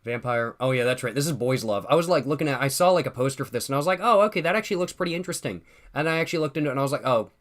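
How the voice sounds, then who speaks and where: A young man streams casually from home with a drink at hand, chatting and reading viewer comments in a loose, slangy, profane way, often repeating himself and laughing. He talks rapid-fire at medium pitch, with few pauses.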